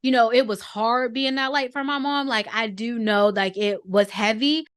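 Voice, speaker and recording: A woman's voice: a little high, clear, resonant tone, no echo, clean studio sound. A woman in her thirties telling a personal family story in a podcast conversation, reflective and earnest, holding back emotion. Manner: reflective and earnest, often slows down to choose words; holding back emotion, softening at tender moments.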